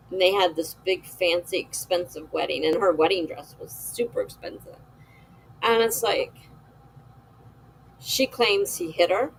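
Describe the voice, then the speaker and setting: Slow, gravelly woman chatting candidly. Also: lowish voice, a little hiss or hum, rough recording. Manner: candid, gossipy, laughs often. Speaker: writer hosting a live stream. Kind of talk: casual live-stream chat reading viewer comments.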